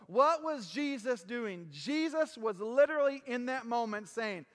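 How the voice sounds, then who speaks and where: Male pastor, very high voice, earnest emphatic sermon delivery, long hall reverb. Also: animated, measured pace, hardly any pauses. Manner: earnest, emphatic, drops low on key phrases. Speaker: preacher. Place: church sanctuary.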